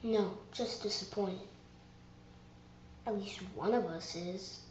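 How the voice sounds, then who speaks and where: A woman's voice: mid-range voice, slow, a little mellow, roomy sound, muffled recording, slight background noise, close to an everyday voice. A woman voicing an earnest young lioness in a pleading manner, as a fan voice audition.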